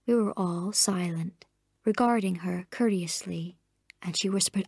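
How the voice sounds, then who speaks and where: A woman narrating a novel in a soft, frequently whispered voice. Her tone sits low with a gravelly edge. The sound is close and dry. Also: a little slow, no echo. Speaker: audiobook narrator. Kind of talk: novel reading.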